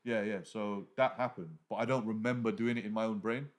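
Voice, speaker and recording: A man with a low voice talks quickly as a guest in a casual podcast chat. He rambles and fills his sentences with "like". His thoughts come out in loose, restarting runs. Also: fairly even intonation. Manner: rambling, packed with "like" fillers and restarts.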